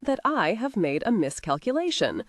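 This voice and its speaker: A woman voicing a gruff, blustering older marquis who roars commands. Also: medium pitch, very animated, normal speed, no echo, studio quality, close to an everyday voice. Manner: gruff, roaring at times.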